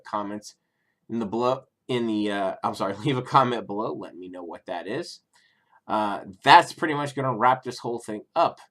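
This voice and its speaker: Middle-aged guy for a casual vlog review, low-pitched, loose and sweary, stumbling through restarts. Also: fairly bright tone. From Cincinnati area, USA. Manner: rambling and profane, many ums and self-corrections. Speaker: YouTuber reviewing streaming services.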